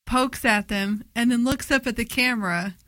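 Female co-host, bright tense tone, dry close sound, playful and giggly. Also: on the high side, moderate pace, no echo. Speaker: podcast co-host. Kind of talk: casual chat.

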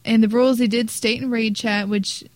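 A woman's voice: fairly high pitch, steady tone, moderate pace, darkish tone, no room sound, poor audio. A woman co-hosting a casual gaming podcast, chatty and laughing as she tells stories. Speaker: podcast co-host.

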